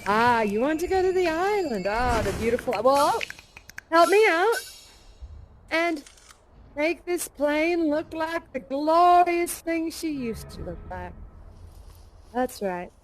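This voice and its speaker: A woman's voice: high-pitched, animated, slow pace, pauses often, slight background noise. An actress playing a plucky, adventurous woman aviator of the 1930s, leading a live audience with folksy, hearty storytelling. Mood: cheerful. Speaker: live actor in a virtual reality theater show. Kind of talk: interactive theatrical role-play with an audience.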